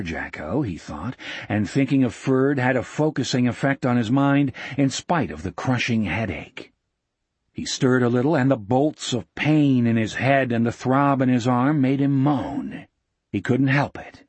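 A man reading a novel aloud as an audiobook narrator, in a measured, even manner. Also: medium pitch, breathy edge, no room sound. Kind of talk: scripted narration.

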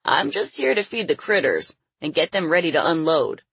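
A woman voicing a gruff, folksy old man who works at a circus. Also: sits low, big pitch swings, moderate pace, a bit bright, no room sound, exaggerated voice. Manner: folksy, rough. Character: gruff old male circus hand, rough-spoken.

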